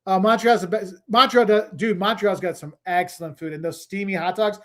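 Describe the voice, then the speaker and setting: Middle-aged male host, fairly high voice, loose conversational delivery, drifts between viewer questions. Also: fairly even intonation, a little fast, a bit bright. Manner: chatty, rambling, reads viewer comments aloud. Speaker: travel livestream host. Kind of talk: casual livestream Q&A.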